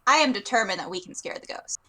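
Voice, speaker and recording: A woman's voice: medium pitch, animated, quick pace, bright, forceful tone, voice pushed down. A woman voicing a sweet, easily spooked young toon with gushing reactions. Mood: determined.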